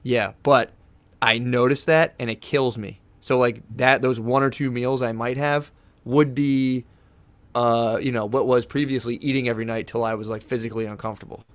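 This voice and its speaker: A man's voice: mid-range voice, steady tone, moderate pace, dry recording. Loose, rambling man with a dry sound. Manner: rambling, laid-back, swears a lot, says "dude". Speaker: podcast guest. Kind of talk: casual chat. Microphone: podcast studio microphone.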